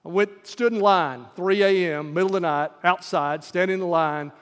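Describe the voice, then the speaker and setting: A man's voice: high voice, normal speed, clean tone, in a large hall. A man preaching a sermon in an emphatic style that rises to fervor.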